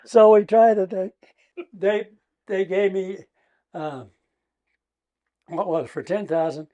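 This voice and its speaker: An older Midwestern American man spins courtroom stories with a higher voice than most men. He chuckles through his sentences and throws himself into reenacting his own outbursts. The sound is close and dry, with no room around it. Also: takes it slowly, dry recording, dull audio. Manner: animated storyteller who laughs often and acts out his own shouting. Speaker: retired trial lawyer guest. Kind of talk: casual storytelling interview.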